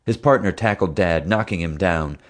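A man reading an audiobook in steady, even first-person narration. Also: deep voice, moderate pace.

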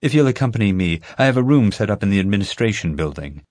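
A man voicing a stern, commanding woman FBI agent in an audiobook, brisk and insistent. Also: fairly low pitch, very animated, a little mellow, no room sound. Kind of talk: audiobook character voice.

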